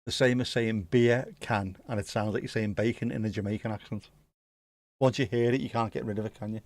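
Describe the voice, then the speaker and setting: A man's voice: fairly low pitch, steady tone, brisk, darkish tone, no echo. A man hosting a casual livestream from home, chatting and musing aloud as he answers viewers. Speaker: livestream host.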